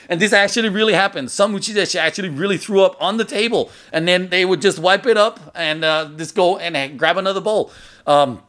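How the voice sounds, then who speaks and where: A man's voice: high voice, fairly quick. A man narrating his own memories in a casual, rambling way, full of fillers and restarts. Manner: chatty, loose, filler-heavy, with loud acted shouts in quotes. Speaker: memoir narrator. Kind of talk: casual spoken storytelling.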